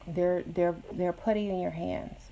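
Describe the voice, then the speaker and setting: A woman's voice: fairly low pitch, steady tone, measured pace, dark tone, a little hiss or hum, poor audio. A woman casually giving blunt, sassy dating advice to viewers, with joking asides. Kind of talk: casual advice chat answering viewer questions.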